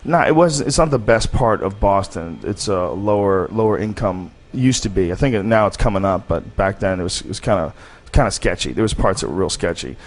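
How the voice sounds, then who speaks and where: Casting: low-voiced male podcast host, rambling candid storyteller, swears freely. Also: animated, a little fast, hardly any pauses. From United States. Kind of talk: casual storytelling.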